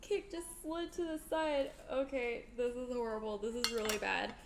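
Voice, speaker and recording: A woman's voice: a little high, fairly even intonation, moderate pace, vocal fry. A woman live-streaming her cooking in a home kitchen. She talks herself nervously through each step and reads viewer chat aloud.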